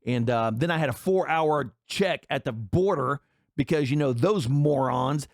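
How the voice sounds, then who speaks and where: A man's voice: medium pitch, measured pace, vocal fry, no echo, clean studio sound. An American man ranting angrily in profane commentary, rambling through a story and a political complaint. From United States. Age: adult.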